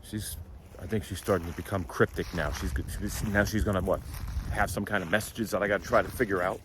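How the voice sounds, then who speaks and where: Anxious male vlogger, phone camera, jumpy pitch, car and road noise behind him. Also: fast. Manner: anxious, questioning himself, jumps from low mutters to excited high bursts. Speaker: paranormal vlogger. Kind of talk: vlog narration, talking to camera. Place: in and around his car on a road trip. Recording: noisy background, car and road sounds.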